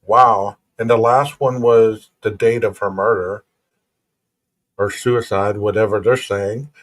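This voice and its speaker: A man with a fairly low, steady voice speaks slowly as the host of a true crime podcast. He reads official reports aloud in a plain way, then breaks off to chat casually with his listeners.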